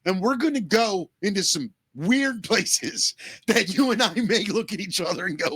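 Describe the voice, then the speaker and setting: Podcast co-host, man, earnest and shaken, tearful, bright tense tone. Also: high voice, lively intonation, breathy edge, dry recording. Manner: earnest, emotional, swearing, halting restarts. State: close to tears. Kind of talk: emotional podcast talk.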